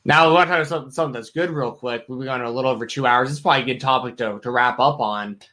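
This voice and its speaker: A man's voice: medium pitch, rapid-fire, bright, forceful tone. A man co-hosting a casual podcast chat, answering in short, laid-back replies. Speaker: podcast co-host.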